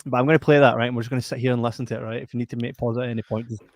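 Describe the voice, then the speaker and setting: A man's voice: medium pitch, steady tone, very fast, darkish tone, no echo. Scottish male podcast host, casual and sweary, plain middle voice, dry sound. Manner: blunt, sweary, chatty. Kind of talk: casual chat.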